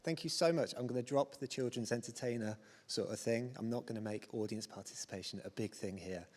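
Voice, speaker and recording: A man's voice: medium pitch, brisk, darkish tone. British guy in his 30s doing a keynote, chatty, bit self-deprecating, lots of ums, big hall echo. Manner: self-deprecating, chatty, many fillers and restarts. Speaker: conference speaker. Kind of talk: conference keynote talk. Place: large conference hall on stage. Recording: hall reverb from a stage mic.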